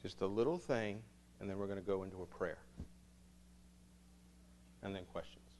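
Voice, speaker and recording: A man, a priest, telling a story to students in an animated way, acting out the dialogue. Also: sits low, normal speed, a little hiss or hum.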